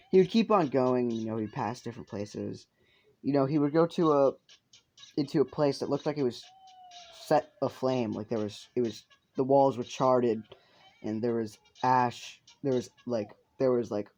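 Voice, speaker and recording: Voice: medium pitch, a little mellow, slight background noise, rough recording. Rambling, profane casual storyteller. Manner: rambling, swears a lot, many fillers. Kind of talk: improvised fan-fiction narration. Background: faint video game music.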